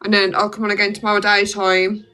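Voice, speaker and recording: A young woman from Birmingham, England, with a Black Country accent, chats casually on a phone livestream, peppering her talk with "like." Her mid-range voice is bright, smooth and forceful, delivered fast and completely flat.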